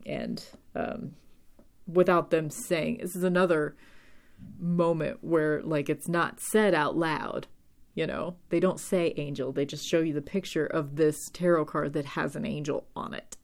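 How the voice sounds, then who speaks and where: A young woman with a low voice talks through a show recap in a loose, rambling way. She swears casually and jumps between thoughts. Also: animated, measured pace, creaky. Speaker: podcast host recapping episodes.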